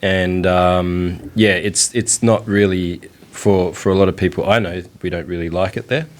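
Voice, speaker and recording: An Australian man being interviewed in a relaxed, rambling way with many fillers and frequent laughs. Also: low-pitched, moderate pace. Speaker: interview guest. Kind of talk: casual interview chat. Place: indoors in India.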